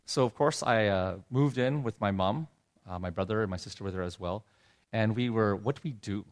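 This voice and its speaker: A middle-aged man telling a heartfelt personal story in a sermon, his voice dropping low and soft when he is moved. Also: brisk. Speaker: preacher. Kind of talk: sermon testimony.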